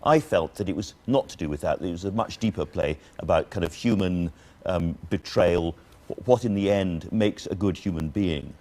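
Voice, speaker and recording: Male tv host, lowish voice, chatty questions to a guest. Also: moderate pace, darkish tone. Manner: conversational, probing. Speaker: TV talk show host. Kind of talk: TV interview.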